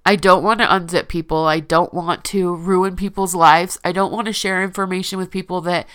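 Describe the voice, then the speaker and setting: A woman with a smooth, resonant voice pitched a little low talks straight to her audience in a personal, confessional monologue. She is earnest and emotional, and often stops to restart or correct herself mid-sentence. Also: steady tone, normal speed, fairly bright tone.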